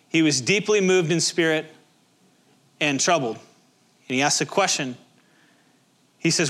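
A man's voice: a little high, moderate pace, long pauses, a bit bright. A male pastor preaching a sermon in a conversational, emphatic way, with many rhetorical questions.

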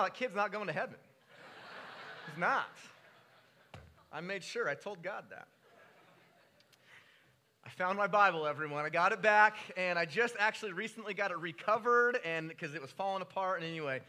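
A man in his thirties preaching a sermon, telling a story with animated, rising delivery. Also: normal speed, long pauses. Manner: animated storytelling, pitch jumping when excited. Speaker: pastor.

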